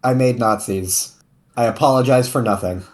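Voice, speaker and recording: A man's voice: medium pitch, normal speed, a little mellow. Jokey man chatting on a call. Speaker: player. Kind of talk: casual chat during a game break.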